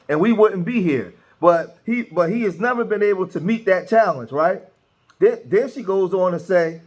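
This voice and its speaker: A man hosting political commentary, talking loosely with many restarts and reading posts aloud. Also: high-pitched. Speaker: commentary host.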